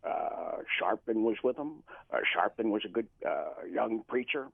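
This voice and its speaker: Impression: man playing an old ex-president, husky, low, rambling, phone-line sound. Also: lively intonation, unhurried, no echo, exaggerated voice. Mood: reminiscing. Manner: rambling, mumbling, with a wistful boast. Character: elderly former US president, gruff, self-justifying. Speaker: impressionist caller. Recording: phone-like, narrow telephone line.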